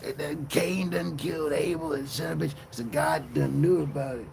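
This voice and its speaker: Gravelly, profane male storyteller. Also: fairly high pitch, moderate pace, background noise. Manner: profane, slangy, animated storytelling. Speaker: streamer. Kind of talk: comic retelling of a bible story.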